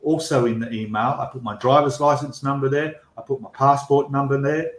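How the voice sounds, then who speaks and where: An Australian man talks at a middle pitch, venting with emphatic frustration and often restarting his sentences. His voice carries a noticeable roomy echo, as if from a bare room on a live stream. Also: steady tone, brisk. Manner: exasperated, emphatic complaining with repeated restarts. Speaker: channel host.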